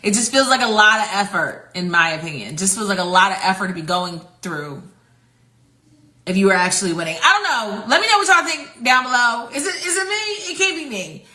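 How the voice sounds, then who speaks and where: Sassy bright-voiced woman commentator. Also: medium pitch, expressive, fairly quick, reverberant, poor audio. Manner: sassy, rhetorical, slangy. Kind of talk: casual commentary to viewers.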